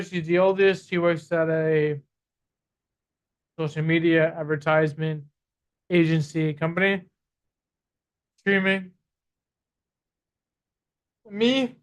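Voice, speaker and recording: A man's voice: sits high, fairly even intonation, slow, long pauses, smooth. A man guest on a podcast, an HR tech executive, talking confidently and emphatically, repeating his points while he has the hiccups. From Guyanese roots. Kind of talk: casual interview talk.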